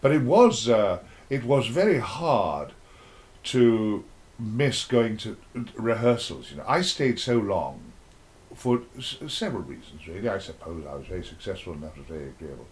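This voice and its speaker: A man's voice: fairly low pitch, sing-song, normal speed. An older man being interviewed, telling rambling, playful stories with sudden dramatic outbursts. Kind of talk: casual interview chat.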